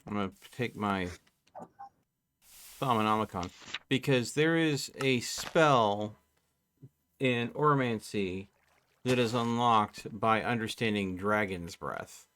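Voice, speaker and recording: A man's voice: fairly low pitch, a bit bright, a little hiss or hum. A man on a live game stream, chatting casually and thinking aloud as he plays. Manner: slow, thinking aloud while playing. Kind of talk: casual live gameplay chat.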